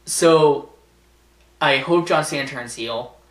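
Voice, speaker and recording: A man's voice: medium pitch, takes it slowly, a bit bright. Sarcastic, rambling man in an echoey room. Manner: rambling and sarcastic, laughs at his own jokes, swears. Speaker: vlogger. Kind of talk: casual commentary vlog.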